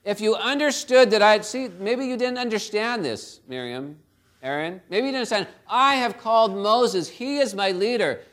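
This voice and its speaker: A stern, commanding God lays down the law in a sermon retelling, voiced by a preacher. The tone is firm and reprimanding, carried on a fairly high male voice. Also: expressive, moderate pace, a bit bright.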